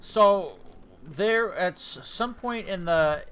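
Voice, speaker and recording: A let's play co-host chats casually while gaming, telling a rambling anecdote full of restarts and swearing. He's an excitable storyteller with a high-pitched, slow, smooth voice.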